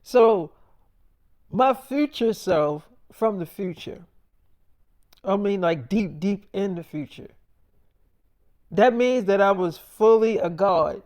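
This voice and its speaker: A man with a notably high voice telling a loose freestyle story. His talk is casual and profane, and he often stumbles and repeats words as he goes. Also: animated, slow, long pauses, darkish tone. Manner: profane, rambling, repeats himself.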